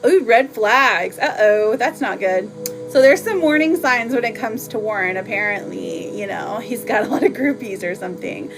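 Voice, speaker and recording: A woman's voice: on the high side, lively intonation, normal speed, music in the background. A woman hosting a live oracle card reading, chatty and playful, laughing often as she reads for viewers. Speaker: live tarot reader.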